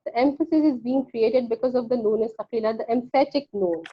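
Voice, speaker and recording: A woman grammar teacher talks quickly and insistently, circling back to drive each point home. Her voice sits a bit high. The sound is dull and lo-fi, like an online call. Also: husky. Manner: firm, insistent, repeats key points. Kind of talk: explaining grammar in a live online class.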